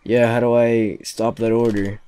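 A young man giving casual, excitable gameplay commentary, swearing often and talking to the characters on screen. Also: mid-range voice, measured pace, smooth, dry recording. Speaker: let's play gamer.

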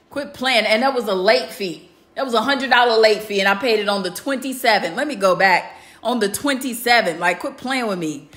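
A woman's voice: medium pitch, fairly bright tone, reverberant. A woman in her forties on a live stream at home, ranting bluntly and profanely in a heated family argument. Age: 40s. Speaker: mother livestreaming a family argument. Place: home, indoors. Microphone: phone, live stream.

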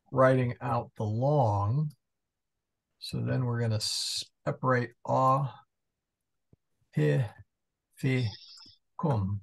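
Slow, gravelly man teaching Latin. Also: medium pitch. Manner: thinks aloud, mumbling asides while searching. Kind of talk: casual online class. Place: church parish class over video call.

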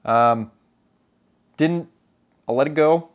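A man's voice: on the high side, slow pace. A young American man chatting casually to camera as a video host, chatty and self-deprecating, with plenty of ums and uhs. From United States. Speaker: photography YouTuber.

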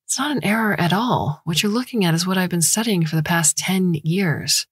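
A woman narrator voicing an earnest young female scientist who speaks with gentle insistence. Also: on the low side, normal speed, breathy edge, no room sound, studio quality.

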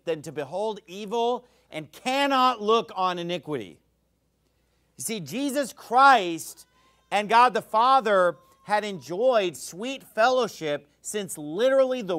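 A male Baptist preacher with a high, lively voice that leaps up and down as he presses his points. He preaches with force, breaking into shouted quotes before dropping back to his plain voice. His sermon delivery is emphatic and animated throughout.

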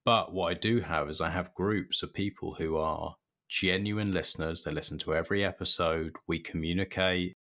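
A man's voice: deep voice, fairly even intonation, normal speed, a bit bright. A man hosting a podcast, talking bluntly and animatedly and swearing freely. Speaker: podcast host. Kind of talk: casual podcast chat.

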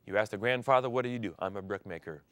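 A middle-aged man who grew up in Thailand, preaching a sermon with sudden swings from loud declaring to near-whispers. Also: lowish voice, fast, no echo. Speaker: pastor.

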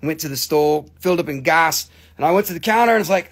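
A man with a gravelly, slightly high voice pitches stones live into his phone. He jokes and swears freely, and his grammar is loose and broken. The feel is a casual sales stream. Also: fast talker. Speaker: host selling crystals on a live stream.

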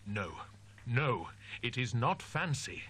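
An actor playing a grim, determined young male student in a horror audiobook drama, speaking firmly and deliberately. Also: medium pitch, big pitch swings, a bit bright, slightly rough, heavily acted.

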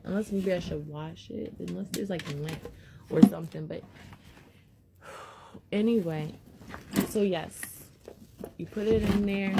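A woman's voice: lowish voice, creaky, heavy background noise. A woman vlogger chatting casually and rambling to her viewers as she unboxes something, a little out of breath.

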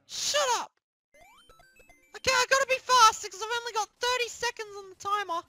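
A squeaky, whiny Link. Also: fairly quick, no echo, soft background music, full character voice. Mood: panicked. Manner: whiny, yelps and shouts in panic. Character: squeaky young male plush hero, whiny and easily panicked. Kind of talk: comedic plush puppet gaming skit.

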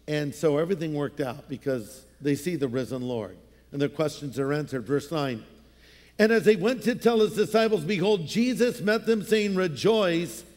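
High-voiced pastor preaching in a hall. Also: male voice. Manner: conversational storytelling with playful voices. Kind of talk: sermon.

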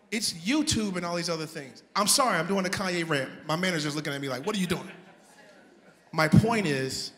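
A man's voice: on the high side, fairly bright tone. A male singer talking to the crowd between songs at a live show, chatty and hyping the audience, laughing at himself. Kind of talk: stage banter between songs. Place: live concert stage. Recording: echoey venue with live band. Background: band music.

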